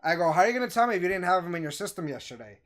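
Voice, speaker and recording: A man casually telling a story to friends, acting out the voices of the people in it with animated energy. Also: high voice, rapid-fire. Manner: animated, acts out quoted voices.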